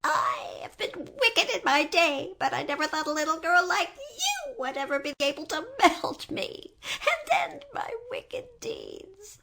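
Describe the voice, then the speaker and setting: A woman voicing a cunning, cruel old witch, gloating low and slow, then shrieking and wailing. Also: wildly swooping pitch, pushed and bright, breathy edge, heavily acted.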